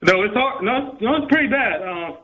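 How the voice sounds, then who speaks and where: A man in his thirties calling in to a show, speaking haltingly with many restarts and fillers. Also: sits high, lively intonation, a loud crowd. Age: 30s. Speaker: caller. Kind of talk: call-in chat. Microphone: phone. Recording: tinny phone line.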